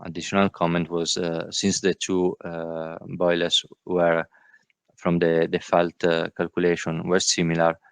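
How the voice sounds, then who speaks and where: Halting, low-voiced man presenting slides. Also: completely flat delivery, clear, resonant tone, dry recording. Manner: halting, many filler sounds. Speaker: workshop presenter. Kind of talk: technical presentation. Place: virtual workshop call.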